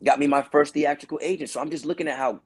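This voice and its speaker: A man with a New York accent, a podcast guest and actor, telling a story casually and acting out the dialogue with lively, shifting voices. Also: on the high side, quick pace, husky. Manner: animated, acts out quoted dialogue in shifting voices.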